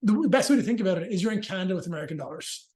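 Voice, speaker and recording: Fast-talking, profane, high-voiced man. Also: expressive, darkish tone. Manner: fast, profane, joking explanations. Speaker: movement and rehabilitation practitioner, guest. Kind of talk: casual explanatory interview talk.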